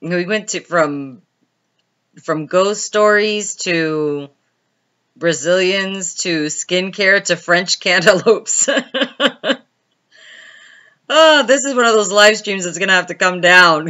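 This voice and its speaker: Chatty woman on a live stream, bright sharp voice, laughs a lot, kinda dull lo-fi audio. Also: lowish voice, takes it slowly, long pauses. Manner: chatty, laughs often, answers viewer comments by name. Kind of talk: casual live stream chat with viewers.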